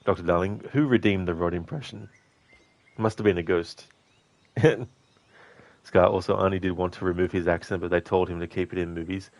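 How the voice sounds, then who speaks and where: A man's voice: low-pitched, fairly quick, long pauses, no echo. A man with an Australian accent chatting casually as a gaming streamer, reading chat with frequent fillers. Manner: chatty and relaxed, with frequent "you know" fillers.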